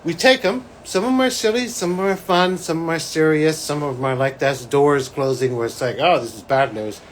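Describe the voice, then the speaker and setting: A man, a psychic, talking to camera as he recounts a vision, animated and breaking into excited exclamations. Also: fairly high pitch, fairly quick, a little hiss or hum, low-quality recording. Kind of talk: solo talk recounting a vision.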